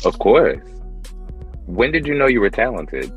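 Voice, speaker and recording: A man's voice: on the low side, big pitch swings, unhurried, highs cut off, soft background music. A man hosting a podcast interview, playful and sassy, calling his guest honey. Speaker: podcast host. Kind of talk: casual interview chat.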